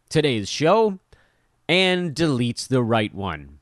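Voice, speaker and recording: A middle-aged man from Los Angeles hosting a casual solo podcast, telling stories in a self-deprecating, animated way. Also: mid-range voice, slow pace, no echo, studio quality. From Los Angeles, USA. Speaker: podcast host.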